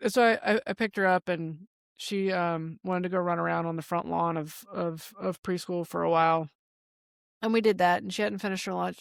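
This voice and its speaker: A woman in her thirties co-hosting a casual podcast, recounting a story with animated, swearing energy. Her voice has a gravelly edge. It is recorded dry and close on a studio mic. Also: medium pitch, normal speed, dry recording. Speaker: podcast co-host. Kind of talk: casual chat.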